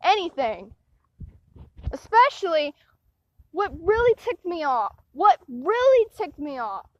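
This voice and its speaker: A young woman with a high voice rambles slowly through a personal story, stopping and restarting as she grows indignant. The recording is dry and dull, with a muffled lo-fi sound. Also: big pitch swings, a bit bright, no room sound. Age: young adult. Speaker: vlogger.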